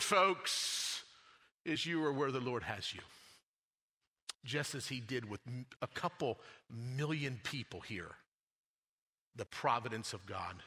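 A pastor giving a sermon, swinging between raised emphatic lines and quiet low asides. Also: male voice. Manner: preaching with dramatic swings in pitch and loudness. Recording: long hall reverb.

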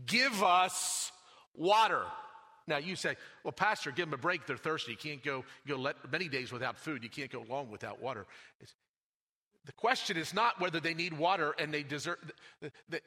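A pastor giving a sermon, swinging between raised emphatic lines and quiet low asides. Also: male voice. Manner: preaching with dramatic swings in pitch and loudness. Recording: long hall reverb.

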